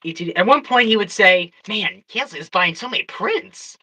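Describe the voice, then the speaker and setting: A storyteller chatting casually on a livestream, excitable and rambling, often restarting sentences. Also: mid-range voice, moderate pace, breathy edge, low-quality recording.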